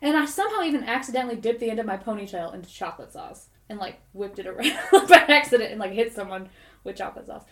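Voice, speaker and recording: A woman's voice: mid-range voice, fast talker. Woman co-host rambling thru a dream story, lots of "like", middle voice, echoey room. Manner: rambling, animated storytelling full of "like". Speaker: podcast co-host. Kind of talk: casual chat, telling a dream. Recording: roomy echoey recording.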